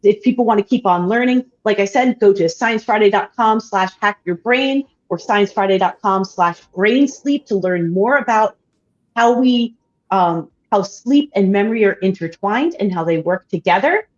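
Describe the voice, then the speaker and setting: Speaking at a moderate pace in a medium-pitched voice, a woman hosts a science livestream interview through dull, muffled audio. She's enthusiastic and warm, asking questions, thanking the audience, and adding eager interjections.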